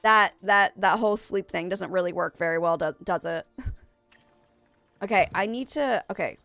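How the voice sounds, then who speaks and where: A young woman with a mid-range, slightly creaky and somewhat bright voice chats casually with viewers while live-streaming a game, talking at a normal speed. She rambles, corrects herself often, and sounds stuffy-nosed. The recording has no room sound, with soft music playing behind her.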